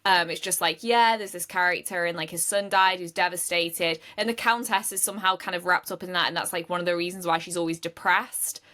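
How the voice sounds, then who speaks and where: A woman's voice: lowish voice, brisk, hardly any pauses, sharp tone. A woman co-hosting a podcast, retelling a novel's plot in casual chat, full of fillers and acting out characters' lines. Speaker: podcast co-host.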